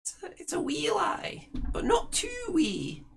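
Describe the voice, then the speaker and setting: Man doing an old crone, Scottish, shrill falsetto, lots of swoop in the pitch, for a tabletop game. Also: wildly swooping pitch, measured pace, vocal fry, a bit bright, slight background noise, exaggerated voice. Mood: gleeful. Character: cackling old Scottish crone witch, female.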